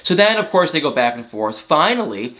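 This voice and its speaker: A man's voice: fairly high pitch, fairly quick. A young man casually recapping a reality show, mocking the cast and acting out their lines in exaggerated voices. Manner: animated, mocking, acts out quotes in exaggerated voices.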